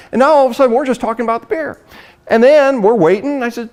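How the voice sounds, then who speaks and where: A middle-aged man giving a lively sales training talk, acting out conversations and laughing often. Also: very high-pitched, fast. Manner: animated storyteller, acts out dialogue, laughs often.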